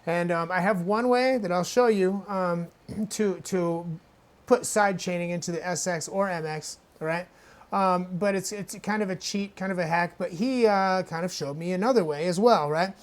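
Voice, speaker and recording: Here's a high-pitched male speaker talking at normal speed while hosting an easygoing tutorial about music hardware. He keeps it chatty and loose, regularly tossing in "right?".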